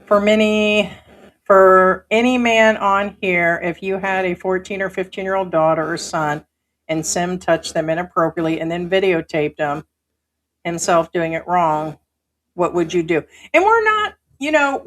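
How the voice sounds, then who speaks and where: A woman hosting a livestream who reads viewer comments aloud and answers them in an emphatic, indignant way. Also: lowish voice. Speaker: livestream host. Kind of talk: live chat commentary.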